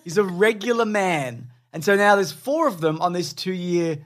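A man's voice: sits high, expressive, normal speed, fairly bright tone. A man co-hosting a podcast in casual chat, rambling and teasing as he recommends things with enthusiasm. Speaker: podcast co-host.

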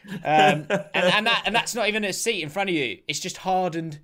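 A man co-hosting a casual football podcast, his voice sitting a little high for a man. He tells stories with animated, laughing banter. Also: a little fast, background noise. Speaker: podcast co-host. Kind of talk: casual chat.

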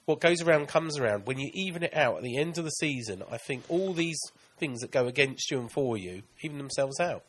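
A man's voice: medium pitch, animated, fairly quick, hardly any pauses, a bit bright, husky. A man co-hosting a casual football podcast, arguing his points insistently. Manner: argumentative, insistent. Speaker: podcast co-host.

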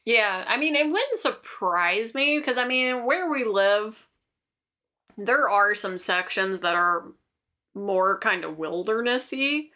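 A woman's voice: medium pitch, animated, slow pace, sharp tone. A woman in casual podcast chat, hesitant and self-deprecating.

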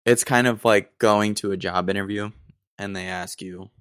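A low-voiced American man rambles through a solo podcast rant. He digresses often and sounds mock-exasperated. The sound is dry and close, with no room around him. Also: steady tone, moderate pace, fairly bright tone, clean tone, no echo. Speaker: podcast host.

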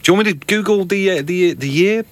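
A man's voice: high voice, fast. A man co-hosting a podcast, chatting casually with cheeky, teasing banter. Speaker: podcast co-host. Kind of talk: casual chat.

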